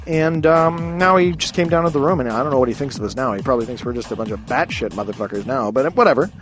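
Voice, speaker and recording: A man hosting his own podcast, telling a story from a hostel room in a rambling, animated way and swearing freely. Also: a little high, quick pace, few pauses, music in the background. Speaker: podcast host. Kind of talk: casual storytelling monologue.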